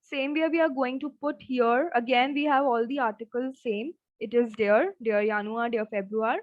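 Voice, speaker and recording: Lady teaching a lesson, kinda high voice, says every word like 3 times, dry muffled lo-fi audio. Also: fairly even intonation, no echo. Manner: slow, repeats each word several times. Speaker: German teacher. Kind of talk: online language lesson. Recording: dull, dry lo-fi sound.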